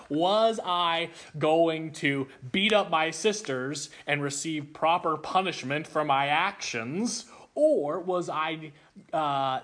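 A man preaching a sermon, telling a childhood story with animated delivery before explaining a Bible passage. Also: a little high. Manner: animated storytelling, acts out voices.

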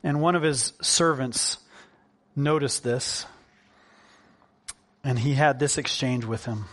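A man preaching a sermon in an earnest, conversational way, slowing down to stress key points. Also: mid-range voice, a bit bright. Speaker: pastor.

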